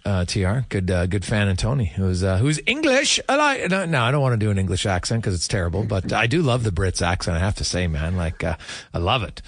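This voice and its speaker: Chatty radio host, lively pitch. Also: male voice, a little fast, no echo. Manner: chatty, reads listener messages. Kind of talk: casual sports talk.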